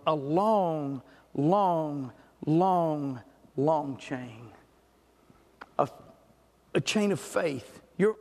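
A middle-aged pastor preaches, telling folksy stories and swinging from loud bursts to hushed asides. His voice sits high for a man. It rings out with a long reverb, as in a large church hall. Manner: folksy, animated storyteller who swings from loud to quiet. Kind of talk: sermon with storytelling.

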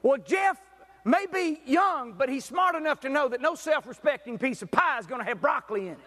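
High-voiced pastor in a reverberant hall. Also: male voice, fairly quick. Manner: folksy, animated storyteller who swings from loud to quiet. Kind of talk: sermon with storytelling.

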